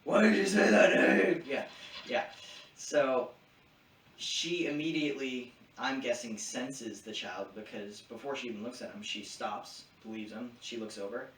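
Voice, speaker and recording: A man's voice: mid-range voice, fairly even intonation, measured pace, fairly bright tone. A man co-hosting a podcast, casually recapping a show's plot. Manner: retells plot casually, slipping into quoted voices. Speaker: podcast co-host. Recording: echoey room, distant mic, faint hum.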